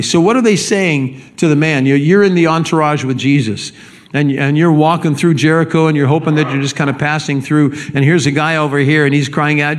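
A man's voice: fairly high pitch, moderate pace. A man preaching a sermon as pastor, speaking emphatically and often repeating words as he builds a point.

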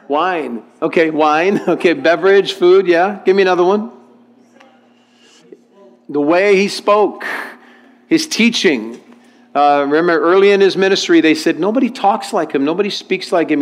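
A man preaching a lively sermon, reading scripture aloud and questioning his congregation. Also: a little high. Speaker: pastor. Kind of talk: sermon with call and response.

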